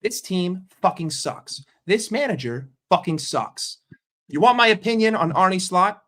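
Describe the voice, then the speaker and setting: A man's voice: high voice, animated, unhurried, pushed and bright. An American man in a sarcastic, combative rant on a fan stream, swearing often. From United States. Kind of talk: ranting live stream.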